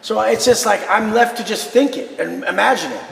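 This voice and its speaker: A man talking loudly and fast with heavy swearing, cutting in over others. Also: high-pitched, gravelly. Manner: loud, profane, talks fast and over others. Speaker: guest in a filmed conversation. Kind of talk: heated casual talk. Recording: roomy echoey room, faint noise.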